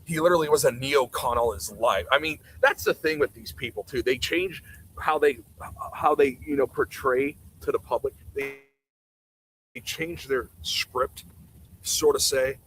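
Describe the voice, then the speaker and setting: A man's voice: medium pitch, measured pace, fairly bright tone, a little hiss or hum, rough recording. A man streaming live, reacting to a TV clip with sarcastic, mocking rants.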